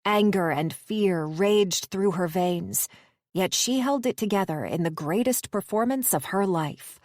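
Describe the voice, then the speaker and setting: A woman reading audiobook narration in a measured, even way. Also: fairly low pitch, no echo, studio quality.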